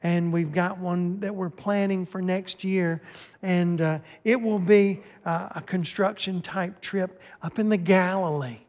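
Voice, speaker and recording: High-voiced pastor with a long hall echo. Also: male voice, unhurried. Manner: lively, joking, calls out to the congregation. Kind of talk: sermon with announcements. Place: church sanctuary. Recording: long church hall reverb.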